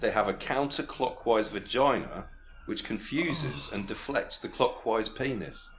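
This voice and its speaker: A man's voice: mid-range voice, unhurried, slight background noise. A man, co-hosting a comedy podcast, delivering facts in a dry, matter-of-fact way. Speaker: co-host.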